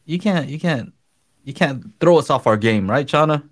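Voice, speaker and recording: A man's voice: a little high, expressive, normal speed. A man in casual chat, reacting to stories and laughing along.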